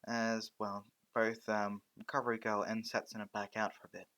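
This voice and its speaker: Halting, bright-voiced male storyteller. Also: fairly low pitch, little pitch movement. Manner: halting, many restarts. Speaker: narrator. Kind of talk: fan story reading.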